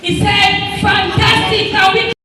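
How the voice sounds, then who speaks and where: A woman teaching a class, asking pupils questions in a slow sing-song way. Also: very high-pitched, fairly even intonation, bright, forceful tone. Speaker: teacher contestant. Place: large hall at a live event. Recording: echoey hall from far off, faint noise.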